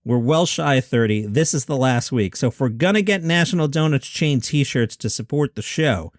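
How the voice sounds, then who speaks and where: Wry, animated middle-aged male podcast host. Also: mid-range voice, normal speed, no room sound, studio quality. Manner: wry, riffing asides and mock outrage. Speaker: comedy news podcast host. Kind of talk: solo comedy news commentary. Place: home basement studio.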